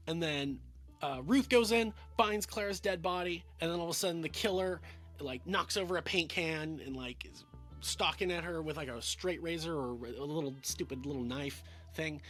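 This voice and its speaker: Man film reviewer, husky and a bit high-voiced, rambling and chatty with constant restarts. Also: a little fast, a bit bright, soft background music. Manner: rambling, filler-heavy, stammering restarts. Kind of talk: casual film review talk.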